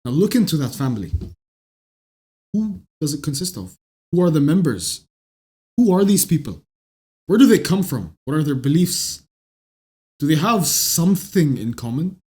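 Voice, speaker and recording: A man hosting a self-improvement channel, delivering a blunt, profane, opinionated monologue that rises to shouts when heated. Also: a little high, sing-song, normal speed, pauses often. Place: Canada.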